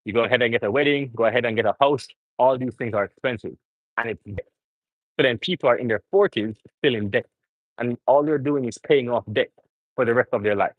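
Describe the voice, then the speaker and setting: A man's voice: medium pitch, brisk, no room sound, phone-quality sound. A young man rambling earnestly to viewers as he livestreams during a gym workout. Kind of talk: casual live-stream chat.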